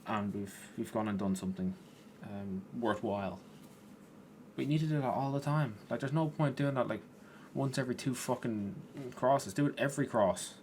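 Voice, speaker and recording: A man's voice: mid-range voice, normal speed, slight background noise. A man casually commentating over his own football video game, chatty and swearing, tired and yawning at times. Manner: chatty, swears at players, rises in excitement. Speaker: gaming YouTuber.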